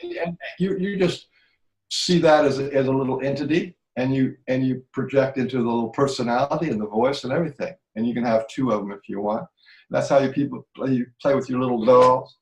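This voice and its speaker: A man's voice: medium pitch, fairly quick, roomy sound, rough recording. A man teaching a healing practice in conversation, earnest and repetitive, often checking that he is understood.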